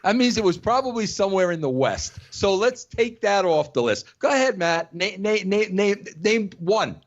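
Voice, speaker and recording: A man's voice: high-pitched, big pitch swings, normal speed, dry recording, lo-fi sound. A middle-aged man hosting a podcast who argues his point emphatically in a heated casual debate, calling the other man "bro" again and again. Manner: emphatic, says "bro" a lot. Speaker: podcast host.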